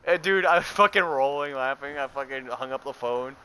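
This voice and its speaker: A man's voice: on the high side, steady tone, brisk, few pauses, sharp tone, clean tone. A young man telling a long story while he streams a game, swearing often and laughing. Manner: profane, laughing, full of fillers. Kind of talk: casual rambling storytelling while gaming.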